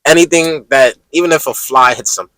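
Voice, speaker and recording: A man's voice: on the high side, a little fast, pushed and bright, no echo, low-quality recording. A man hosting a podcast in casual, slangy chat, speaking emphatically and addressing listeners directly. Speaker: podcast host.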